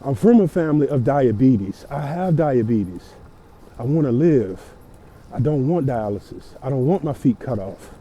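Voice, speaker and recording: Dark-voiced New man preaching fitness. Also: mid-range voice, animated, normal speed. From Louisiana. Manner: preachy, emphatic, repeats himself. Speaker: fitness vlogger. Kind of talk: motivational rant. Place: outdoors riding a bike in cold weather.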